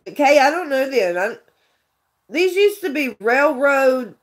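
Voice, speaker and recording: A woman's voice: high voice, big pitch swings, a little slow. Rambling woman vlogger. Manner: rambling, earnest storytelling with restarts. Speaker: vlogger chatting with viewers. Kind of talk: casual livestream chat.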